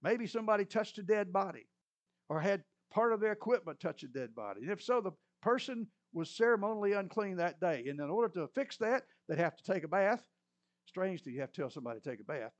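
A middle-aged male preacher with a notably high voice retells scripture in a folksy, chatty sermon. He now and then clears his throat between lines, keeping an easy storytelling flow. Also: animated, fast, lo-fi sound.

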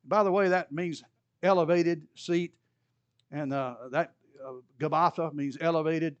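Smooth and steady, this male voice moves at a measured pace, with the high frequencies cut off. He leads a Bible study in a chatty way and occasionally performs the characters' quoted words with a rising pitch.

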